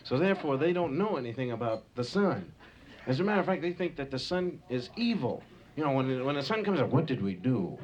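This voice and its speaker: A man's voice: on the high side, lively intonation, a little fast, highs cut off. Rambling male stand-up storyteller. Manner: rambling, loose, lots of asides. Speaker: stand-up comedian. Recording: hissy home tape recording.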